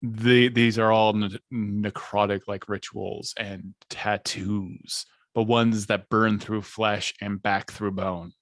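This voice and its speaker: A man's voice: on the low side, flat delivery, slow pace, hardly any pauses, fairly bright tone, no echo. Man, dungeon master, narrating tabletop game, dry audio.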